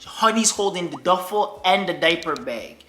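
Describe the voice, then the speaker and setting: A man's voice: high voice, lively intonation, moderate pace, sharp tone. A man co-hosting a casual vlog, animatedly and exasperatedly retelling a travel mishap, laughing now and then. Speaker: vlog co-host. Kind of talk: casual storytelling chat. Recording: roomy echo.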